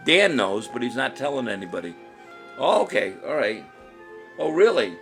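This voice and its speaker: Soft music plays behind a man hosting a casual trivia stream, his mid-range voice sing-song and a bit bright at normal speed. He's jokey and rambling, chuckling often as he reads aloud what commenters answered.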